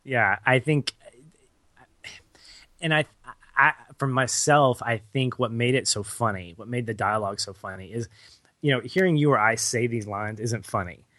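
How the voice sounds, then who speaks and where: A man co-hosting a film podcast, talking through his points in a measured, thoughtful way with the occasional chuckle. His voice sits at a middle pitch and sounds dry and close. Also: bright, forceful tone, no echo. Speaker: podcast co-host. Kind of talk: casual movie review chat.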